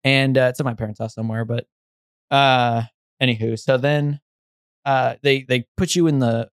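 A man's voice: medium pitch, steady tone, normal speed, smooth, no echo, studio quality. A young man in casual chat, telling a long story that rambles with fillers and restarts.

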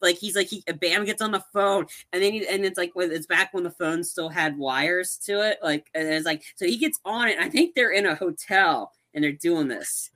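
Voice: mid-range voice, normal speed, few pauses, pushed and bright. A young adult podcast co-host chatting casually about a movie, rambling with lots of fillers and restarts.

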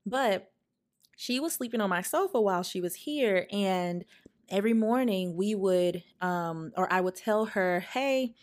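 A woman in her twenties hosting a podcast and telling a personal story in a candid, chatty way. She talks straight to her listeners and gets animated when she quotes herself. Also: medium pitch, a little slow. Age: 20s. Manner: chatty, addresses listeners as "y'all". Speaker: podcast host.

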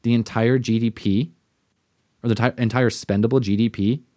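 Brief: podcast co-host, man, mid pitch, swears, rants, dry close sound. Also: normal speed, no room sound. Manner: profane, animated ranting with mocking put-on quotes. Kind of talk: casual podcast chat.

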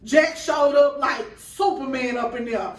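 A high-pitched woman speaks at a measured pace as a podcast guest, telling a story from her life as a food truck owner and performing the dialogue in quoted voices. The chat is casual. Being far from the mic, she sounds roomy and off-mic.

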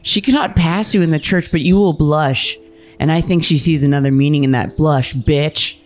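A woman on a comedy podcast reading a dramatic monologue in a melodramatic, drawn-out way with sudden outbursts. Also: low-pitched, soft background music. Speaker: podcast guest.

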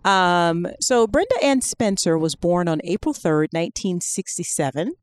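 A woman co-hosting a podcast, talking casually with lots of fillers and animated asides. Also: fairly low pitch, moderate pace. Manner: chatty and animated, with many fillers. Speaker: podcast co-host.

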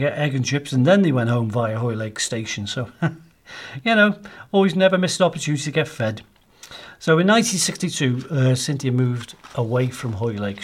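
Man, podcast co-host; rambling, filler-heavy storyteller, mid-pitched, easygoing delivery. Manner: rambling, chatty, lots of fillers.

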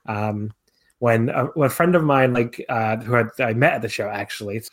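A man's voice: mid-range voice, normal speed. A young man co-hosting a podcast in casual chat, rambling with many fillers and restarts. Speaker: podcast co-host.

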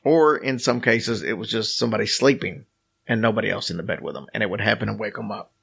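A man's voice: on the low side, fast talker, vocal fry, fairly bright tone, husky. A man co-hosting a podcast, telling a story in casual chat with a wry, joking manner. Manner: wry, joking, recounts a story from his notes. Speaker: podcast co-host.

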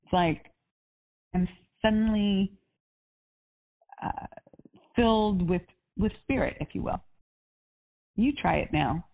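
A woman's voice: mid-range voice, takes it slowly, gravelly, pauses often. A woman life coach on a coaching call, chatty and upbeat, with lots of casual fillers. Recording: tinny phone line.

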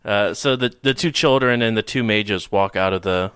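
A man's voice: on the low side, normal speed, a bit bright, clear, resonant tone, no echo. A man narrating a tabletop game as game master, describing scenes and laughing often.

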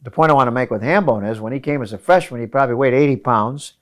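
A man, a high school running coach, giving emphatic interview answers in a hotel room and repeating his key phrases. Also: fast.

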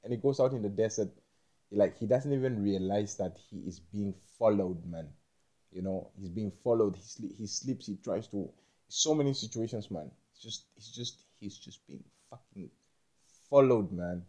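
A young man talking in a rambling monologue, halting and repeating himself, with frequent swearing. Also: on the low side, dark tone.

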